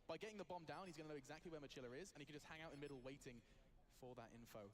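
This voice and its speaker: A man casting a video game match, with excitable play-by-play commentary that rises to shouts on big plays. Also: on the high side, rapid-fire. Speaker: esports caster. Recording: broadcast with loud background noise.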